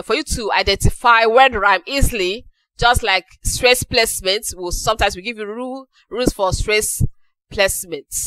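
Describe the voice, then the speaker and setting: An English teacher gives a classroom lecture in a bright, forceful, crisp voice pitched a little high, repeating key phrases slowly for emphasis so they sink in. The recording is dry and close, with poor audio.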